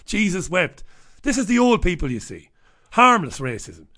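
A man's voice: a little high, sing-song, normal speed, creaky, bright, forceful tone. A middle-aged man hosting a radio show, rambling through a checklist with irreverent, profane humor. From Ireland. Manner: rambling, irreverent, swears freely. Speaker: radio host. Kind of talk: casual comic monologue.

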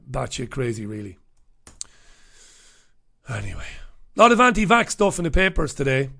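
A man's voice: a little high, fairly bright tone. A man hosting a radio show, delivering an angry, sarcastic monologue full of swearing. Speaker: radio host. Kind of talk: ranting monologue.

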